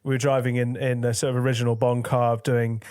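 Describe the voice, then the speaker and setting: A man's voice: medium pitch, flat delivery, brisk, a little mellow, clear, resonant tone, no room sound, clean studio sound. A man chatting as a podcast guest, candid and crude, often laughing. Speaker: guest, video director and producer. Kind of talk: casual podcast chat.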